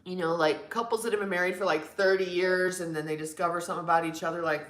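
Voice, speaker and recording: A woman's voice: on the low side, fairly even intonation, fast, few pauses, echoey room. A woman in her forties with a New York accent, chatting frankly with viewers on her livestream. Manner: chatty, frank, blunt, swears casually. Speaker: livestream host. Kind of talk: casual chat with viewers.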